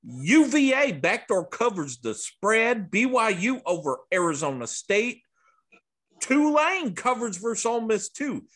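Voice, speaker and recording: A man voicing a brash, foul-mouthed Southern sports bettor, doing a loud, cocky impression with a Southern accent on a podcast. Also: high-pitched, very animated, unhurried, voice pushed up, full character voice.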